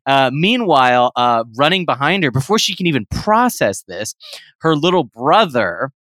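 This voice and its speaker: Man pitching a spoof horror plot. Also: big pitch swings, normal speed, a bit bright, no room sound, clean studio sound. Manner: rambling with fillers and frequent laughing asides. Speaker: podcast co-host. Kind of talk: comic storytelling.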